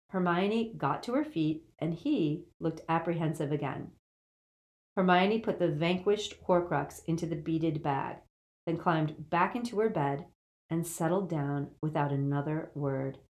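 A woman narrates a fantasy novel as an audiobook reader. Her voice sits somewhat low, and she keeps an even, measured delivery between the character lines. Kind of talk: storybook reading.

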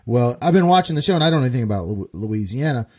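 A male podcast host asks question after question with eager curiosity. He stumbles and restarts as he gets going. His voice sits at an ordinary middle pitch. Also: expressive, very fast, darkish tone. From American Midwest. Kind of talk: casual interview chat.

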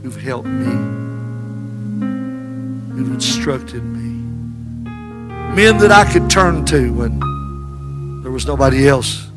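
A male preacher, delivering a sermon with sudden loud rises that drop back low. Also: expressive, takes it slowly, pauses often. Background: music playing.

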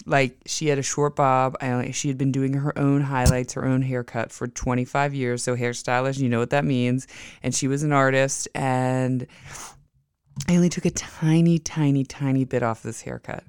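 Smooth-voiced chatty podcast host. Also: mid-range voice, moderate pace, no echo, studio quality. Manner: chatty, animated, acts out quoted dialogue. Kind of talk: casual storytelling.

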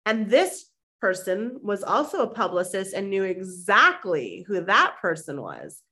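A woman, a mindset and manifestation coach, telling a lively personal story as a podcast guest and acting out the people in it. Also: medium pitch, measured pace. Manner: animated, acts out quoted voices; conversational with fillers like "like". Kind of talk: anecdotal storytelling in an interview.

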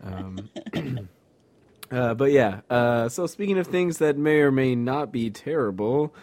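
A young man hosting a podcast who leads into topics with halting ums and uhs. His voice has an ordinary pitch and a dry, close sound. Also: animated, a little mellow, no room sound. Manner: hesitant, lots of ums and uhs, reads announcements aloud. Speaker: podcast host. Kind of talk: casual chat.

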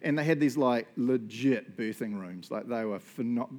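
A man, preaching a sermon as a lively storyteller who acts out what people said and often checks in with "right?". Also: mid-range voice, normal speed. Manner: animated, acts out quotes, frequent "right?" and "um". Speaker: pastor.

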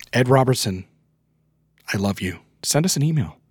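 A man's voice: mid-range voice, lively intonation, a little slow, husky, no room sound, clean studio sound. A man from Canada with a Canadian accent, hosting a podcast in casual, self-deprecating chat. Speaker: podcast host.

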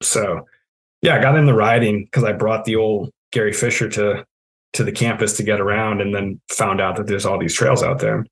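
Over a low-quality recording, a New England man in his thirties, a trail project manager guesting on a podcast, shares casual stories with a laid-back, self-teasing humor and frequent laughs. He talks at a moderate pace in a fairly low voice with fairly even intonation.

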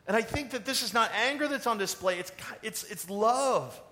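A man preaching a sermon in a conversational, animated way, asking the congregation questions. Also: very high voice, quick pace, few pauses. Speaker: pastor.

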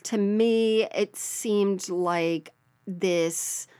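A woman from the American South co-hosts a podcast, reading a listener's story in a chatty, storytelling way and laughing often. Her mid-range voice is a little mellow and smooth, with fairly even intonation and a very slow pace. There's no room sound in this casual podcast chat.

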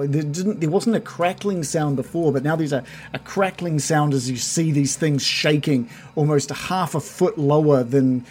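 A man narrating as game master of a tabletop game, describing scenes with many fillers and pauses. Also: mid-range voice, a little mellow.

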